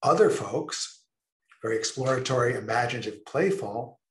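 A man presenting a creativity session in a lecture style, speaking expressively with emphatic, drawn-out pauses. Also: mid-range voice, lively intonation, echoey room, a little hiss or hum. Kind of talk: lecture-style talk to a remote audience.

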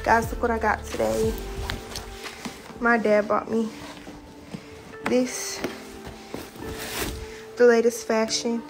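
A teenage girl chatting in a casual vlog from her bedroom, gushing, excitable and slangy as she talks to her viewers. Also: on the high side, slow, gravelly, long pauses, over music. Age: teens. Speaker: vlogger.

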